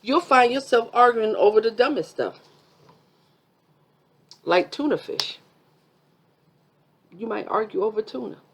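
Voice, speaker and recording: A woman's voice: fairly high pitch, lively intonation, a little slow, vocal fry, pauses often, slightly rough. A woman vlogger giving a chatty, sassy review of a reality TV episode, full of asides.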